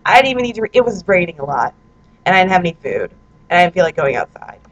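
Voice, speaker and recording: A woman's voice: lowish voice, big pitch swings, racing, highs cut off, slight background noise. A woman in her twenties, a vlogger chatting casually and self-mockingly at home, reading out her own posts into a handheld recorder. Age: 20s. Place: her apartment, indoors.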